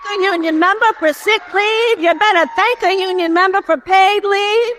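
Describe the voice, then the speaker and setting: A woman's voice: very high-pitched, moderate pace, a bit bright. A woman politician giving a rousing rally speech in a call-and-response style. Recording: noisy rally clip taken from afar.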